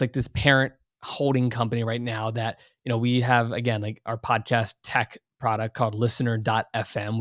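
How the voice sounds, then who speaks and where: A man's voice: mid-range voice, no echo, studio quality. A man in his twenties, a podcast guest talking casually and eagerly at length, with many "like"s and "you know"s. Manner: enthusiastic, long-winded, heavy on "like" and "you know". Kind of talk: casual interview talk.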